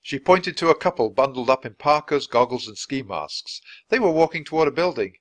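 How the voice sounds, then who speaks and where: A man reads a children's story aloud, clear and expressive, his pitch moving freely through the lines. The recording is close and dry, with no room sound. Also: fairly quick, no room sound. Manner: expressive, clear, natural pace. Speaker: storybook reader. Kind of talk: reading a children's book aloud.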